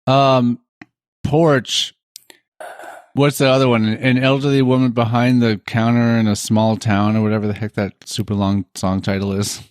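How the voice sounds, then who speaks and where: A man's voice: mid-range voice, little pitch movement, moderate pace, no room sound. A man co-hosting a casual podcast, agreeing along and adding wry jokes. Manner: wry, agreeable, joking asides. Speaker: podcast co-host. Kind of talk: casual chat.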